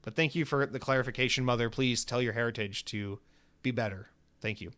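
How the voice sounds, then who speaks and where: Animated, sarcastic male podcast host. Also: mid-range voice, a little fast. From United States. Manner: animated, profane and sarcastic, with frequent filler words. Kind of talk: casual solo podcast talk.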